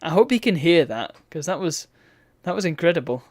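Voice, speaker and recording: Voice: medium pitch, lively intonation, a little fast, a little mellow, no room sound, clean studio sound. A streamer, chatting wryly and reading game text aloud while playing a retro game. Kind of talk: let's play commentary.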